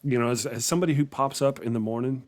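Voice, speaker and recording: A man's voice: medium pitch, fast, darkish tone. Rambling man chatting on a livestream. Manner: rambling, chuckling, trailing off and restarting. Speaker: livestream host. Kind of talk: casual chat reacting to viewer comments.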